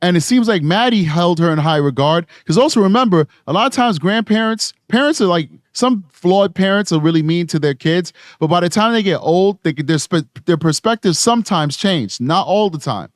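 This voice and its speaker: A man's voice: high-pitched, expressive, moderate pace, few pauses, no echo, studio quality. A man from New York City giving rambling true crime commentary on a live stream, tired from lack of sleep. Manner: rambling, conversational, frequent restarts.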